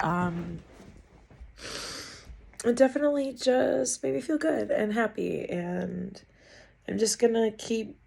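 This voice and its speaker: A woman vlogger giving a rambling, halting update in one unedited take, tired and muttering. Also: mid-range voice, vocal fry, a little mellow. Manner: rambling, halting, self-deprecating.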